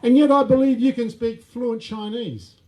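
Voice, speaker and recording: A man's voice: very high-pitched, steady tone, darkish tone. A man playing a prim mock TV interviewer. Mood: formal. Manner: mock-formal, measured questioning. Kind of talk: live comedy sketch.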